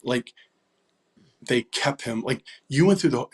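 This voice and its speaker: This man, a songwriter in his sixties, shares stories as an interview guest in a casual, filler-laden way, whispering the lines he quotes. He sounds animated, with a medium pitch and a slightly rough texture.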